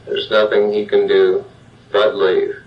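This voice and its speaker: An older man, a psychologist, giving a measured self-help talk straight to the listener. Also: on the low side, completely flat delivery. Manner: plain, measured, addresses the listener directly. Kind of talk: slow guided self-help monologue. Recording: dull lo-fi sound, distant from the mic.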